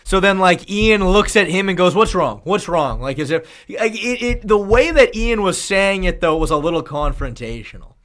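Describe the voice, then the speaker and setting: Man, high voice, live-stream chat, loose and profane, rambling. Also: lively intonation, normal speed, few pauses, fairly bright tone. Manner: rambling and profane, thanks viewers.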